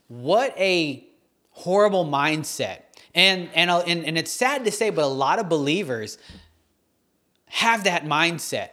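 A man's voice: fairly high pitch, lively intonation, moderate pace, bright, forceful tone. A man, preaching a sermon in an earnest, conversational way, reading scripture and retelling it in everyday words. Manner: earnest, conversational, with many restarts and fillers. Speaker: pastor.

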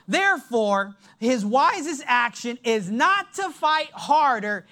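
A preacher giving a sermon in an emphatic, deliberate way, dropping his voice low to stress points. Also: lively intonation, bright, forceful tone.

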